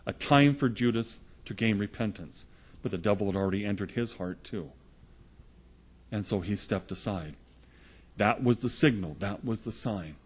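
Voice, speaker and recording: Male preacher, husky timbre, earnest storytelling sermon delivery. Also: lowish voice, moderate pace. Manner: earnest storytelling, retelling gospel scenes in the present tense.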